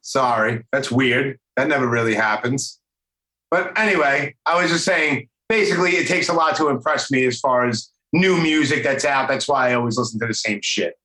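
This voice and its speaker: A man's voice: medium pitch, normal speed, sharp tone, echoey room, rough recording. A middle-aged man with a New York accent, hosting a podcast in loose, rambling chat over a video call. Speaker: podcast host. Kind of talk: casual interview chat.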